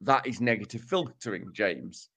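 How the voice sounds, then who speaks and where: A man's voice: fairly low pitch, moderate pace, fairly bright tone, breathy edge. A man co-hosting a casual podcast, summing up research with wry, self-mocking jokes. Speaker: podcast co-host presenting research.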